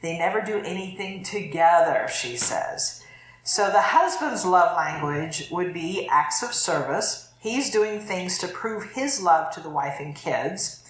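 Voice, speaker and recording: A woman's voice: fairly low pitch, expressive, unhurried. A middle-aged woman pastor giving a chatty, conversational sermon and laughing easily. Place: church sanctuary. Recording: echoey church room.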